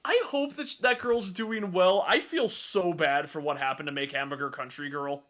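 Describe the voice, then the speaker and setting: A man chatting casually on a podcast, excitable and swearing, often laughing. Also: on the high side, normal speed. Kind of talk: casual chat.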